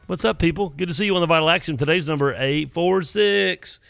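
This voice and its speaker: A man's voice: on the high side, a little fast, gravelly, a bit bright, clear, resonant tone, no room sound. A man in his fifties hosting a live music stream, chatting in a playful, goofy, rambling way. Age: 50s. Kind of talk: casual live-stream chat.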